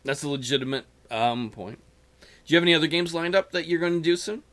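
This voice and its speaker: Bright-voiced tired man podcast co-host. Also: a little high, fast. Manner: tired, joking. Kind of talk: casual podcast chat.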